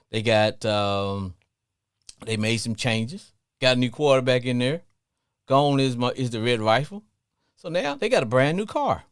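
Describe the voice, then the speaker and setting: A middle-aged man with a Southern accent hosting a casual sports talk radio show, playful and animated. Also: a little high, vocal fry, dry recording, studio quality. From Southern US, family from Louisiana. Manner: animated, playful, breaks into song snippets.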